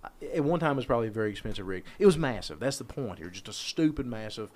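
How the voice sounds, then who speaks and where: A man telling a long, rambling story in casual podcast chat, animated and swearing freely. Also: mid-range voice, racing.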